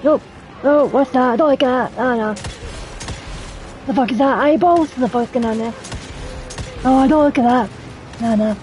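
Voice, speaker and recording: A woman streams a game, casually talking to herself and swearing often at what's happening on screen, with startled exclamations. Her voice is high with a darkish tone, her pace moderate with long pauses, and the recording is rough.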